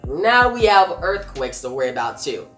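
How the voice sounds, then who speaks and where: A woman reading the lines of a fierce, stubborn winged warrior woman in a low, defiant voice. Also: big pitch swings, normal speed, fairly bright tone, reverberant, faint music behind.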